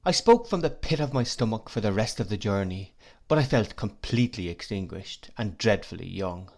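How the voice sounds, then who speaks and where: A man narrating a classic novel in the first person, reading at a measured pace. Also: lowish voice, expressive, darkish tone. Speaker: audiobook narrator.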